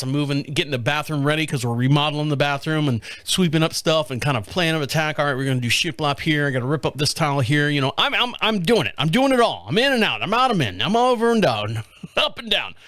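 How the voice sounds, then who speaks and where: Animated man telling a story on a podcast. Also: a little high, dry recording, clean studio sound. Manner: animated, acts out quoted voices, laughs often. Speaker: podcast host. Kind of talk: casual storytelling monologue.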